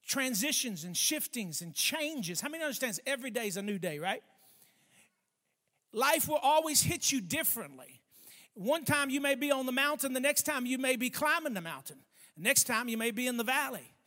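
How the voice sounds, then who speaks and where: A man preaching a sermon, speaking emphatically, stretching key words slowly and calling for responses from the congregation. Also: very high voice, big pitch swings, bright, forceful tone. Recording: long hall reverb.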